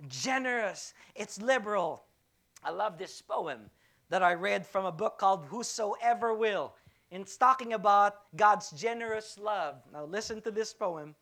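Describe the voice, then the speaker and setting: A woman's voice: mid-range voice, lively intonation, a little slow, fairly bright tone. A woman pastor preaching a sermon to her church, emphatic and repetitive, asking the congregation rhetorical questions.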